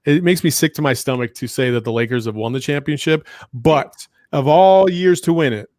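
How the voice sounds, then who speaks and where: A man's voice: medium pitch, moderate pace, darkish tone, no room sound, clean studio sound. A man hosting a casual sports podcast, talking in a laid-back, teasing way with plenty of fillers. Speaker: podcast host.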